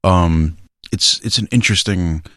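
Deep-voiced wisecracking man. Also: measured pace, fairly bright tone, no echo. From Florida. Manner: dry, wisecracking. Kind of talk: casual discussion.

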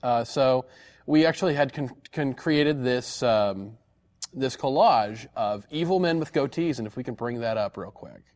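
A man's voice: mid-range voice, expressive, unhurried, a little mellow. A man hosting a live weekly call-in program, talking casually with frequent fillers and restarts. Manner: chatty, many fillers and restarts. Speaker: host of a call-in show.

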